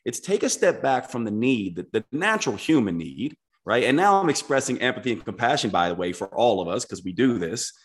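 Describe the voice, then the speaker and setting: A man's voice: mid-range voice, big pitch swings, fairly quick, hardly any pauses. A man speaking as a podcast guest, explaining his ideas earnestly and reflectively, step by step. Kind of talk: casual podcast conversation.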